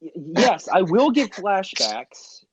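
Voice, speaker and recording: Lively higher-voiced young man, lo-fi mic. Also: takes it slowly. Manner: absurd deadpan tangents. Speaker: podcast co-host. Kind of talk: casual chat. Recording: dull dry lo-fi mic.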